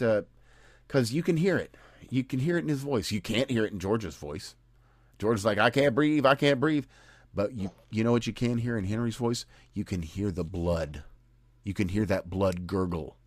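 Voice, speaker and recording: An American man hosting a podcast in casual, sarcastic and indignant talk. His voice sits a bit low. The sound is dry and close-miked. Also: normal speed, a little mellow, no echo. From United States. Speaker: podcast host. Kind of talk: casual chat.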